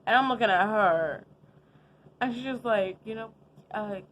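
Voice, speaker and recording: A young adult woman vlogger telling a casual storytime, chatty and animated, with lots of fillers and asides. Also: medium pitch, measured pace, lo-fi sound, a little hiss or hum. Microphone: adjusting the camera setup while talking.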